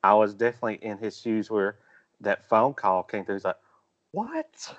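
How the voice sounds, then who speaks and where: A man co-hosting a podcast, talking casually in a halting way with many restarts. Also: on the low side, little pitch movement, highs cut off. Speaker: podcast co-host. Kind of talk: casual chat.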